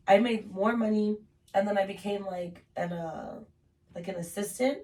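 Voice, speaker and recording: A woman's voice: medium pitch, fairly even intonation, moderate pace, dark tone, far from the mic. A young woman in her twenties telling her life story on a podcast in a casual, chatty way, full of "like" and casual swearing.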